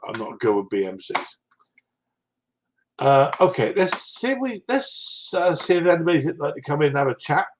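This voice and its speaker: A man's voice: a little high, big pitch swings, normal speed, background noise. A man with a West Country accent chatting casually on a live stream, rambling and answering viewers' comments. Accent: West Country English. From South West England. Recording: dull lo-fi stream audio.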